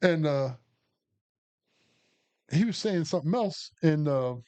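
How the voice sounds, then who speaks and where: A man's voice: on the high side, animated, slow pace, darkish tone. A man, co-hosting a podcast and telling a long, profane, rambling story full of restarts. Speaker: podcast co-host. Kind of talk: casual storytelling chat.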